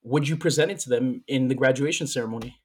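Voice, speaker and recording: A man's voice: medium pitch, fast, darkish tone, slightly rough. A man co-hosting a casual podcast, telling a story at length. He doubles back on his words as he goes. He sounds moved and a little out of breath. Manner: rambling, repeats words while telling a story. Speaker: podcast co-host. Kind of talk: casual chat.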